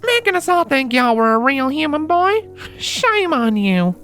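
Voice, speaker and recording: Man voicing a spunky country girl, put-on drawl, very high, lively, faint music. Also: unhurried, heavily acted. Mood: teasing. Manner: folksy, teasing drawl. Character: spunky southern farm girl, teasing and playful.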